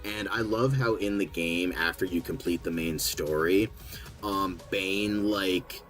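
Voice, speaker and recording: Faint music plays behind a young man co-hosting a podcast in a low, fairly bright voice that moves a little slowly. The recording is low quality, and his casual chat rambles with lots of fillers and restarts.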